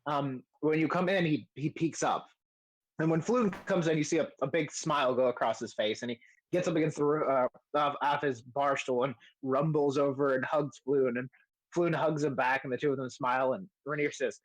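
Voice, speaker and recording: A man's voice: medium pitch, normal speed, poor audio. A man narrating as game master of a tabletop game, casual and hesitant with frequent fillers. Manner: casual, hesitant with many ums.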